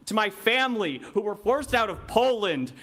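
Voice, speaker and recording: A man's voice: high voice, animated, moderate pace, fairly bright tone. A man who provides care to patients, making a distraught, pleading statement at a public meeting. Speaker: healthcare provider speaking at public comment.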